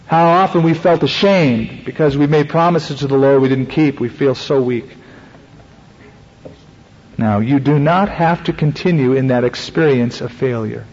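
A man's voice: mid-range voice, unhurried, darkish tone, in a large hall. A man preacher giving a conversational sermon that acts out Bible stories, on a dull lo-fi radio recording.

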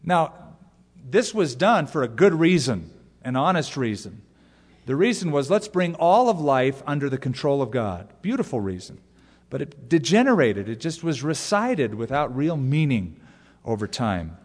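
In a large hall, a male pastor delivers a sermon with animated storytelling, mimicking exaggerated prayer voices to drive his point home. He speaks at a normal pace in a mid-range voice.

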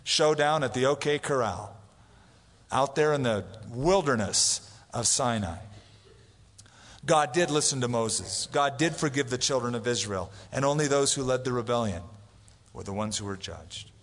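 A man's voice: medium pitch, unhurried, a bit bright. A man preaching a sermon as pastor, telling stories and acting out the voices of the people he quotes. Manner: storytelling, acts out quoted voices. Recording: long hall reverb.

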